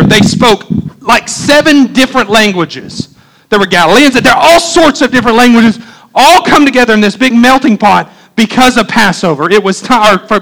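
A male pastor preaching a sermon, talking fast and excitably with many restarts. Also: extremely high pitch, poor audio.

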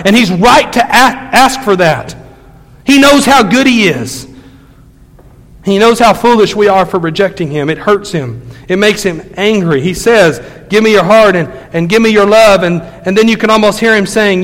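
A male pastor preaching a sermon, moving from quiet low asides to loud, forceful exhortation. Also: normal speed, in a large hall.

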